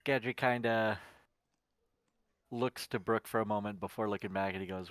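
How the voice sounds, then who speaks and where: A man's voice: on the low side, steady tone, normal speed, long pauses, a bit bright, dry recording. A man playing in a tabletop game, casually narrating his character's actions. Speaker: player.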